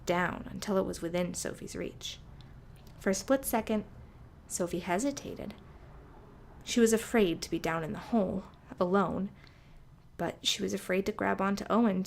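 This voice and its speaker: A woman reading a storybook aloud for toddlers in a gentle, soft-spoken way. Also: medium pitch, gravelly, slight background noise.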